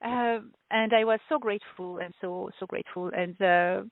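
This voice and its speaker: A woman being interviewed as a guest, telling her story in a halting way, with many fillers and restarts and frequent laughter. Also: fairly low pitch, steady tone, no echo. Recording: tinny phone-like line.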